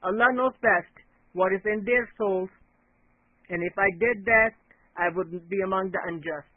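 A man reading a scripture translation aloud in a measured way, stumbling and restarting on words now and then. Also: high voice, dry recording. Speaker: reader of scripture. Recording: tinny phone-like dry recording.

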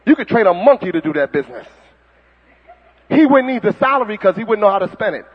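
A man's voice: high-pitched, fast, breathy edge. Man, preaching sermon, mocking, long reverb, muffled sound. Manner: animated, mocking, preaching with impressions. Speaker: Muslim preacher. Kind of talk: fiery sermon. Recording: dull recording with long hall reverb.

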